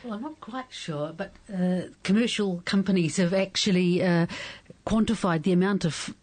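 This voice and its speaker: A woman appearing as a scientist guest on a radio show, measured and slightly hesitant. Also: lowish voice, darkish tone, no echo. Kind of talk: studio interview.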